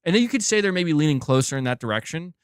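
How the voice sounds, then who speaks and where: Excitable chatty male livestream host. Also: a little high, very fast, clean tone, dry recording, clean studio sound. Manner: excitable and chatty, often says "dude". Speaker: gaming news livestream host. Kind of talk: casual livestream chat reading viewer messages.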